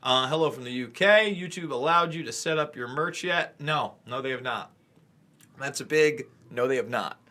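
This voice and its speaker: A man's voice: mid-range voice, normal speed, bright, forceful tone. A man hosting a casual chat, joking and ranting with profanity. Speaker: podcast host.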